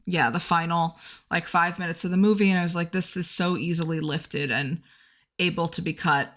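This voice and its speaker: A woman's voice: on the low side, fairly even intonation, moderate pace, fairly bright tone. A woman co-hosting a film podcast, talking casually with a frank, dryly cynical take. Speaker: podcast co-host.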